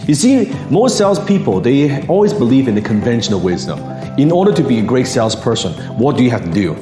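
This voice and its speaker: A man giving a motivational talk on sales, lively and theatrical, acting out the people he describes. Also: fast talker, roomy sound, big-room sound, over music. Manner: animated, acts out voices with big pitch swings. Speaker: sales coach.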